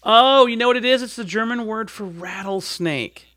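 A man's voice: high-pitched, normal speed, crowd noise. A man co-hosting a podcast, chatting playfully, sharing trivia and doing mock voices. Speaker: podcast co-host. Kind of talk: casual chat.

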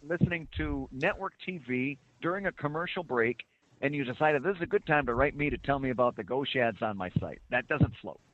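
A man's voice: medium pitch, animated, fairly quick, dull audio. A man co-hosting a podcast in casual chat, who talks in a loose, joking way among friends. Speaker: podcast co-host. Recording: noisy background hiss.

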